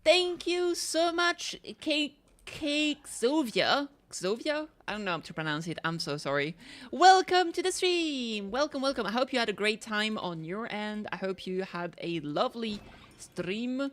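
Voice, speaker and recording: A woman streaming a game and chatting casually with viewers, bubbly and excitable, swearing now and then. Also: mid-range voice, moderate pace. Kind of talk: casual live-stream chat while gaming.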